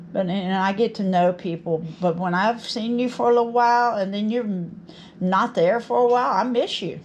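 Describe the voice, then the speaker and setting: A woman's voice: mid-range voice, slight background noise. A middle-aged woman, chatting casually and effusively to her craft channel viewers from a home workshop. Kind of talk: casual chat to camera.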